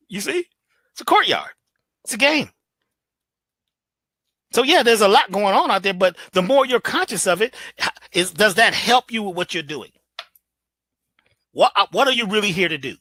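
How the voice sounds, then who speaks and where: Preachy guy giving a pep talk, real bright tone, dry close sound. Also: high voice, lively intonation, moderate pace, pauses often, dry recording. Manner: preachy, emphatic, colloquial, plays with his voice. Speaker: guest speaker. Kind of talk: animated motivational talk.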